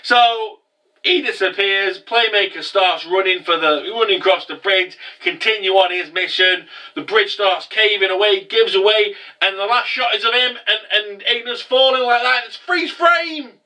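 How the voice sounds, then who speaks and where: Young man, casual anime review, animated rambling, very bright sharp tone, mic set back. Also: high voice, moderate pace, recorded from a distance, low-quality recording. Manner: animated, rambling, many restarts.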